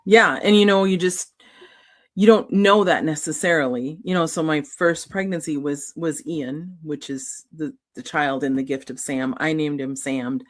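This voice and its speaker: A middle-aged woman, an author guest, telling a personal story in an earnest, halting, emotional way. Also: low-pitched.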